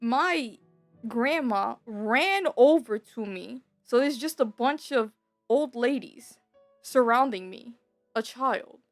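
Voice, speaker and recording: A woman's voice: fairly high pitch, lively intonation, slow, no room sound. A young adult woman telling a personal story in a casual, rambling way, full of slang and filler words. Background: soft background music.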